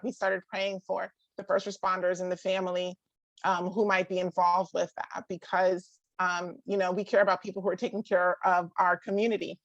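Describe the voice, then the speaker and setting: A woman's voice: medium pitch, no room sound, lo-fi sound. A woman in her thirties speaking casually to a group about parenting. She often says "like", restarts her sentences and laughs now and then. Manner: chatty, full of "like" and quick restarts; laughs often and acts out others' voices. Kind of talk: casual talk to a live group.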